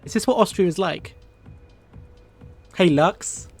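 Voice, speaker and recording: Chatty guy streaming a game, kinda high voice, laughs a lot, faint music in back. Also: slow. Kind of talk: game commentary.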